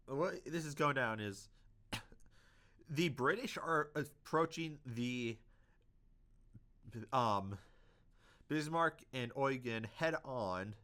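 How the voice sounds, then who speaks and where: A man's voice: mid-range voice, pushed and bright. A young man hosting a casual history video, hesitant, with many fillers and self-corrections.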